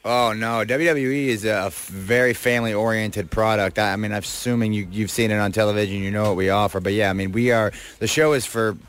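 A man's voice: fairly low pitch, fairly even intonation, brisk, hardly any pauses. A man speaking as a guest in casual radio chat, confident and persuasive.

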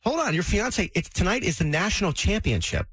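A man co-hosting a radio morning show in casual on-air banter, animated and quick to jump in. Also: high-pitched, slightly rough, no room sound. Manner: animated, jumps in over his co-host. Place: radio studio. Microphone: studio microphone.

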